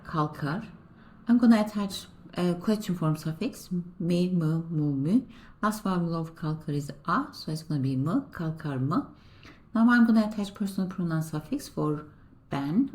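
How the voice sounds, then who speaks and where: A woman teaching a beginner language class, calm and patient as she builds each example one step at a time. Her voice sits a little low. She slows down and says each example sentence carefully. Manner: patient, explaining and repeating slowly. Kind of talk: step-by-step grammar lesson.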